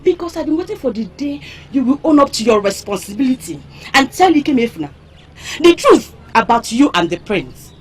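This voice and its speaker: A Nigerian actress playing a fiery, sharp-tongued young village maiden who mocks and confronts loudly. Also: female voice, sits high, big pitch swings, fairly quick, breathy edge, heavily acted. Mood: taunting. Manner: mocking, confrontational, loud. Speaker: actor. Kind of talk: film drama acting.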